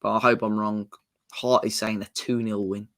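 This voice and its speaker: A man's voice: fairly low pitch, level tone, normal speed, a bit bright. Man chiming in on football chat. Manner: interjects often with short agreements. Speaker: podcast co-host.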